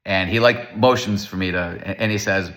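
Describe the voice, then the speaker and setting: A man giving a casual Torah lecture, animated and storytelling, acting out the voices of the people in his stories. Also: deep voice, normal speed.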